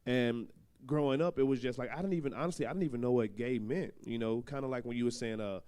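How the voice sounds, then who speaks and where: A man's voice: medium pitch, fast, warm tone, smooth. A young man talking candidly and loosely in a panel discussion, laughing now and then.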